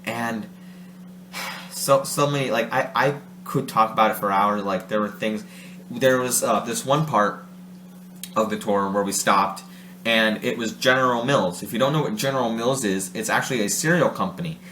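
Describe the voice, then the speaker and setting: A man's voice: fairly low pitch, moderate pace, pushed and bright. A man from Ohio chatting casually to his vlog audience, rambling, correcting himself and laughing often. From Ohio, USA. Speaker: vlogger. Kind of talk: casual monologue. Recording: roomy room with faint hum.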